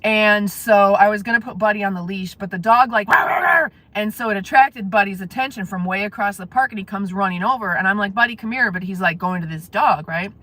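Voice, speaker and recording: A woman's voice: mid-range voice, a little fast, hardly any pauses, a bit bright, dry recording. A woman live-streaming from her car, chatting casually with viewers and laughing often. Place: in a parked car.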